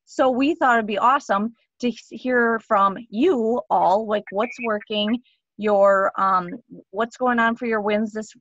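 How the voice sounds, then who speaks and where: Woman, team meeting host, upbeat, enthusiastic, slightly high voice, video call, dull audio. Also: measured pace, fairly bright tone, no echo. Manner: upbeat, enthusiastic, cheering others on. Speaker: team leader hosting a sales meeting. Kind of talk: casual meeting talk.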